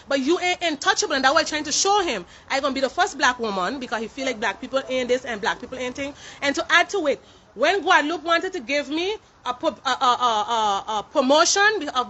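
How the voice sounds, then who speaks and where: Woman, indignant protest to camera, rapid speech, bright forceful tone, mixes in French. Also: high voice, muffled recording. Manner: indignant, emphatic, mixing French into her English. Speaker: warehouse employee.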